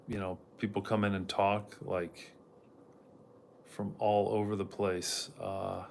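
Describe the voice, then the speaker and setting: A man's voice: on the low side, creaky, a little hiss or hum. A man hosting a casual livestream in a rambling way, reading out chat comments and talking to his dog now and then. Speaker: livestream host.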